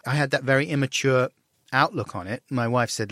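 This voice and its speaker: A middle-aged man telling a candid story as an interview guest, self-deprecating, and animated when he acts out dialogue. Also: mid-range voice, fast, no echo, clean studio sound.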